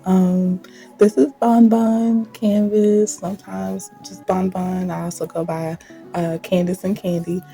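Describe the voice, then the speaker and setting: Woman, deep morning voice, casual sketching chat, soft music underneath. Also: measured pace, vocal fry. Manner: relaxed and chatty. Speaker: art channel host. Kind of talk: laid-back chat while sketching. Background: faint background music.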